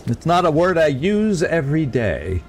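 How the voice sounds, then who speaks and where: A man's voice: fairly high pitch, big pitch swings, moderate pace, soft background music. A man streaming a game, chatting casually and stumbling over tricky words as he reads lore. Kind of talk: let's play commentary.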